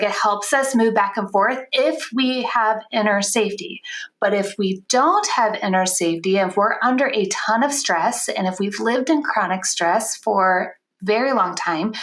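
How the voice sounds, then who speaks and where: A woman's voice: medium pitch, a bit bright. A woman podcast co-host who teaches and coaches, talking earnestly and laughing easily. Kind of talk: conversational podcast chat.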